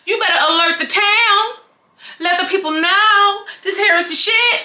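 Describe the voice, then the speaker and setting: A woman's voice: very high-pitched, unhurried, pushed and bright, echoey room. A young woman doing a casual vlog wig review, sassy and dramatic, swearing and laughing often. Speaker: beauty vlogger reviewing a wig.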